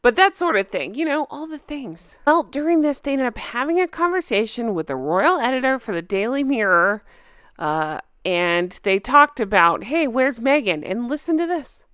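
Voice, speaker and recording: A woman's voice: fairly high pitch, lively intonation, moderate pace, a bit bright, clear, resonant tone, dry recording, studio quality. A woman hosting a gossip commentary vlog, ranting with sarcastic emphasis. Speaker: channel host.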